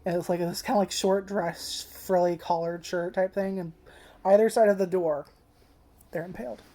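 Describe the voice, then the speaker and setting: A woman's voice: lowish voice, steady tone, normal speed, mellow. A woman giving a casual, profane video review, rambling with lots of "like" and getting emotional and tearful at times. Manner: rambling and profane, heavy use of "like". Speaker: anime reviewer. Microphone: camera.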